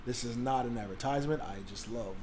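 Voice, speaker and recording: A man's voice: mid-range voice, fast, crowd noise. A man co-hosting a casual chat podcast, playful and self-mocking as he tells stories. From Africa. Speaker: podcast co-host. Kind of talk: casual banter. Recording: roomy echo.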